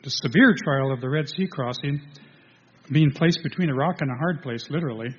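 A man preaching a sermon to a congregation, halting, restarting, and filling pauses as he goes. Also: medium pitch, fairly bright tone, breathy edge. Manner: halting, with many restarts and fillers. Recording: dull lo-fi sound in a reverberant hall.

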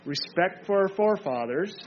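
A man's voice: sits high, lively intonation, moderate pace. A man leading a group Bible study, reading scripture aloud and drilling his listeners with short emphatic remarks. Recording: dull lo-fi recording.

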